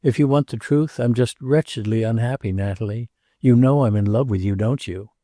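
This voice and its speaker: A man's voice: mid-range voice, normal speed, warm tone, dry recording, clean studio sound, close to an everyday voice. A man reading aloud as a lovesick young male decorator, earnest and pleading.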